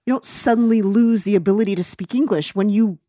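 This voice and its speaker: Here a mellow, medium-pitched American woman talks briskly as a podcast co-host, giving her opinionated take on a film in a loose chat full of fillers and false starts. The studio recording has no echo.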